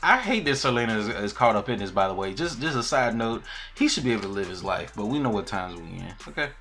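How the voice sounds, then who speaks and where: Bright-voiced animated man recapping a show. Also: lowish voice, fast, faint music behind. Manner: animated, laughing, acts out scenes. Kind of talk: casual recap commentary.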